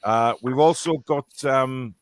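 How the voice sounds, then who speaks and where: A man's voice: medium pitch, slow pace, no room sound. A man with a Geordie accent hosting a live fan show, chatting casually and rambling with plenty of fillers and restarts.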